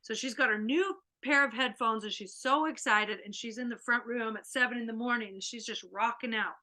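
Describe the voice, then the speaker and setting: A woman hosting an online workshop, telling a family story in a lively way over a video call. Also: on the high side, brisk. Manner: animated, acts out a child's panic. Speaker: workshop host.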